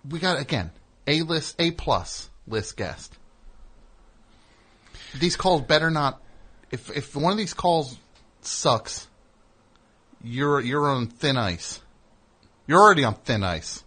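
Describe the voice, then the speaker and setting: Man, radio host, dry wry tone, husky, bright. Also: fairly high pitch, very animated, slow pace, pauses often. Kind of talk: casual comedy radio talk.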